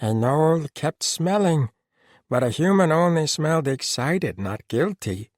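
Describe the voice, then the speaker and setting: A man's voice: a little high, expressive, a little slow, no room sound, clean studio sound, pitched above the performer's own voice. A man voicing a wary male gnoll who speaks bluntly about himself in third person, in an audiobook. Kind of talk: audiobook character voice.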